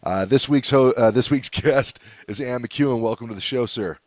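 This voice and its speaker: An American podcast host chats loosely in a casual interview, full of fillers and restarts. His voice is mid-range, a little mellow, at a moderate pace, with no room sound.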